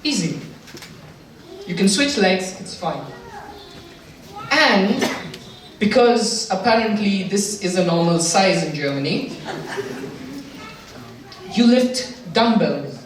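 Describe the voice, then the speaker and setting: A man's voice: sits high, animated, takes it slowly, long pauses. A man doing stand-up comedy, teasing and coaxing the audience through a routine with self-mocking jokes. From India. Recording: distant mic in a very echoey hall with noise.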